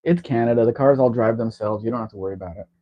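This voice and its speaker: A man's voice: medium pitch, very fast. A man hosting a casual livestream chat, talking in a rambling, chatty way. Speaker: livestream host. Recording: dull lo-fi stream audio.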